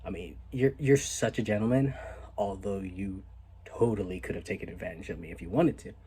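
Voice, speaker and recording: Man doing a tipsy flirty woman, teasing, playful, low husky voice. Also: brisk, mellow.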